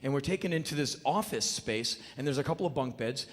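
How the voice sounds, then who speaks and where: A man telling a comedic spoken word story on stage, punchy and animated. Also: mid-range voice, fast. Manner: animated, punchy, bursts into shouts. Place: stage in a large hall. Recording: long hall reverb, live show.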